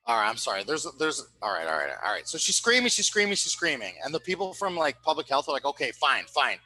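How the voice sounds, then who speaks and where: Bright-voiced man telling a wild story. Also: fairly high pitch, fast, no echo, low-quality recording. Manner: animated, profane, with frequent tag questions. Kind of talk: casual anecdote telling.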